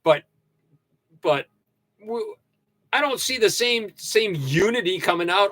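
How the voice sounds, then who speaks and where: An older man hosting a casual livestream, ranting and joking with sudden loud outbursts. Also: high voice, expressive, slow pace, pauses often, no room sound. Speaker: livestream host. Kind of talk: casual livestream rant and sign-off.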